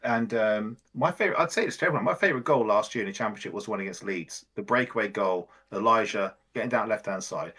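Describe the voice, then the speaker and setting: Husky-voiced, blunt male podcast co-host. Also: fairly low pitch, quick pace, hardly any pauses, bright, forceful tone. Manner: blunt, opinionated, swears casually. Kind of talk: casual fan podcast chat.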